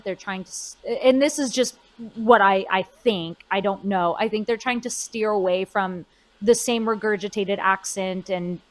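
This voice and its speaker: A woman's voice: mid-range voice, poor audio. A woman in her twenties, a voice actor chatting expressively in a convention interview, with fillers and restarts. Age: 20s. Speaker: voice actor guest.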